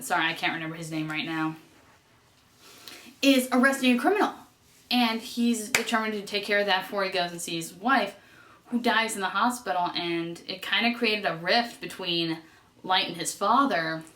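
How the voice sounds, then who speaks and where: A woman's voice: medium pitch, fairly bright tone. A woman vlogger recapping a TV episode in a chatty, gushing way, rambling and correcting herself as she goes. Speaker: vlogger reviewing a TV series. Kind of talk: casual vlog recap. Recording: roomy echo.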